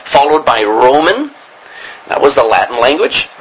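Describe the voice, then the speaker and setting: A man's voice: medium pitch, big pitch swings, moderate pace, a little hiss or hum, poor audio. A man teaching a class on biblical Greek, rambling with many ums and restarts. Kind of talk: classroom lecture.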